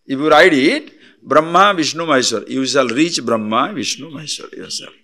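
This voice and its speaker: A man's voice: medium pitch, animated, brisk, sharp tone. A man giving a spiritual discourse as a teacher, blunt and teasing, full of rhetorical questions.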